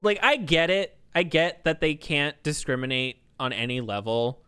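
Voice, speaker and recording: A man's voice: fairly high pitch, normal speed, a bit bright, clean tone. A man streamer telling a story in a casual, ranting way, swearing a lot.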